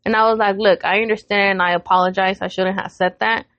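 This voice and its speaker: A woman's voice: medium pitch, quick pace, dry recording, dull audio. Woman telling a blunt family story. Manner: animated retelling with quoted voices, frequent swearing. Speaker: podcast co-host. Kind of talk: casual storytelling chat.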